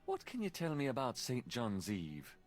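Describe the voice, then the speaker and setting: A man's voice: mid-range voice, huge pitch swings, normal speed, soft background music. An actor playing an investigator in a mystery game, posing as a priest while he asks pointed questions. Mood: probing. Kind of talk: voiced game dialogue.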